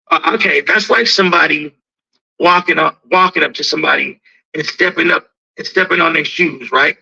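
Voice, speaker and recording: In casual conversation, this high-voiced, gravelly dog breeder keeps repeating and restarting, performing the back-and-forth of quoted dialogue. It's a bright, lo-fi, dull-sounding recording.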